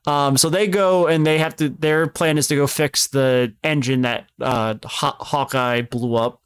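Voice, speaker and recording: A man's voice: mid-range voice, moderate pace, few pauses, clear, resonant tone, no room sound. A young man co-hosting a casual podcast, recapping a story at length in a rambling, self-correcting way. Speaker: podcast co-host explaining films.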